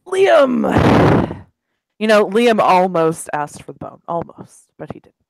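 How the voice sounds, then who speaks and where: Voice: medium pitch, sing-song, slow, gravelly, dry recording, rough recording. A game master narrating a tabletop game casually, with asides and swearing.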